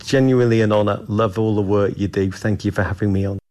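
A man's voice: lowish voice, fairly even intonation, fast, loud music behind the voice. A man guest talking soccer in a radio interview, with grand, theatrical, sweeping rhetoric. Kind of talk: interview commentary.

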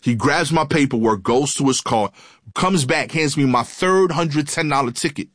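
A man telling a comic story in an animated, dramatic way, acting out the dialogue. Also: on the high side, normal speed, heavy background noise.

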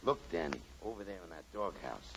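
A man voicing a rowdy male street mutt, gruff and mischievous, in an old radio comedy. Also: low-pitched, sing-song, fairly quick, very noisy, pitched below the performer's own voice. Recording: dull old radio recording with studio audience.

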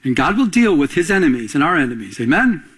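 A middle-aged man preaching a radio-broadcast sermon, asking the congregation to fill in words and telling quick stories. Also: fairly high pitch, big pitch swings, a little hiss or hum. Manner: call-and-response preaching, quick anecdotal storytelling. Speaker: pastor.

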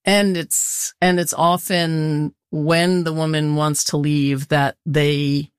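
Deep-voiced woman hosting an interview. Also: flat delivery, slow pace, clear, resonant tone, no echo, studio quality. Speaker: radio show host.

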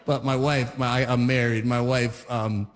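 A man's voice: mid-range voice, level tone, a little slow, long reverb tail. A man in his forties telling a rambling stand-up story, full of fillers and restarts. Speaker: stand-up comedian. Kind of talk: stand-up comedy routine.

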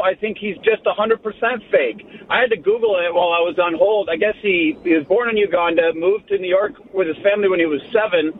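A man calling into a radio show, talking in a conversational, somewhat hesitant way. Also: sits high. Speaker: caller. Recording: tinny phone line with faint noise.

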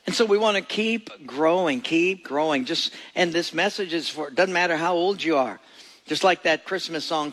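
A man's voice: a little high, a bit bright, long reverb tail, rough recording. A male pastor delivering a folksy, storytelling sermon and putting questions to his congregation.

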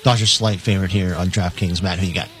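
A man's voice: deep voice, fairly even intonation, fast talker, a bit bright, faint music behind. A man on a radio show reading out betting lines in a matter-of-fact way, with many fillers.

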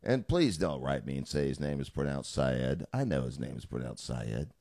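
A middle-aged man hosting a talk radio show, delivering a chatty monologue with joking asides. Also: medium pitch.

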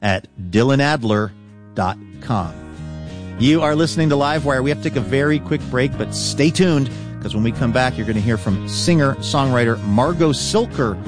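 Give me an upbeat male radio host with music underneath. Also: medium pitch. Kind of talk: scripted radio hosting.

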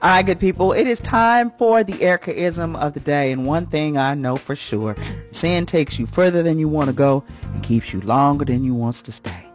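A woman with a deep voice hosts a morning radio segment at a moderate pace, with faint music in the background. She preaches with the conviction of a church first lady, fervent and folksy, her voice swooping up and down for emphasis.

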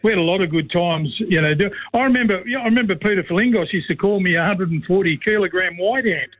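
A middle-aged Australian man calls in to a radio show over a thin, tinny phone line. His voice sits fairly high for a man. He rambles from one yarn to the next and drops "mate" into almost every sentence. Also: fast, dry recording. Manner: rambling storyteller, says "mate" constantly. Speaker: guest, former player and commentator. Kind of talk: casual radio chat by phone.

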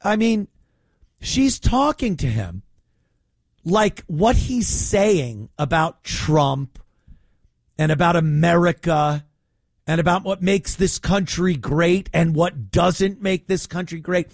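A man's voice: on the high side, animated, slow pace, no echo, clean studio sound. A man hosting a podcast, mocking a clip with exasperated, sarcastic commentary and teasing baby talk. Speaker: podcast host reacting to a clip.

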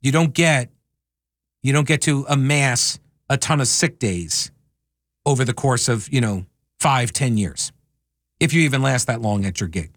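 A man's voice: medium pitch, measured pace, a bit bright, no room sound, studio quality. Wry male talk radio host. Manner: wry, sarcastic asides. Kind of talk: casual talk radio monologue. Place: radio studio.

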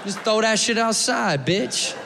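High-voiced, animated comic. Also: male voice, a little slow, vocal fry, very noisy. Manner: loud, profane, animated, talks to the crowd. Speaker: stand-up comedian. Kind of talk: stand-up comedy set. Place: comedy club stage. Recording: echoey club with laughing crowd.

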